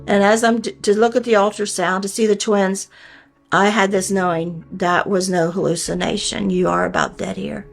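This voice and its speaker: An older woman tells her story in an earnest, plainspoken way, with homespun grammar and a middle-pitched voice. Faint music plays softly underneath. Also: flat delivery, normal speed. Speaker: storyteller recounting a near-death experience. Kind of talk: personal storytelling.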